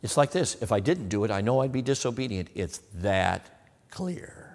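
A man's voice: on the low side, big pitch swings, normal speed, darkish tone, big-room sound. A man preaching a sermon, acting out the questions of imagined listeners as he goes.

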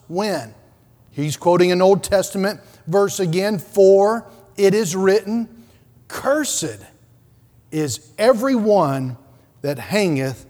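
Man, pastor, high voice, dynamic sermon, loud to hushed, long church reverb. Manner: dynamic preaching, swinging from loud urgent calls to hushed low passages. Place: church sanctuary.

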